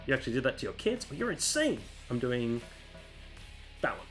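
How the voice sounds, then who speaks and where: A man's voice: mid-range voice, very animated, fairly quick, long pauses, a bit bright. Guy chatting over a wrestling game, jokey, faint music behind. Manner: chatty, jokey, mock announcer asides. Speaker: gaming channel host. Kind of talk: casual gameplay commentary.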